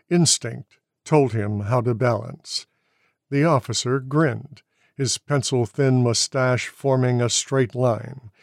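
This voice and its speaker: A man reading a novel aloud in slow, measured audiobook narration. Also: mid-range voice, creaky, dry recording, clean studio sound.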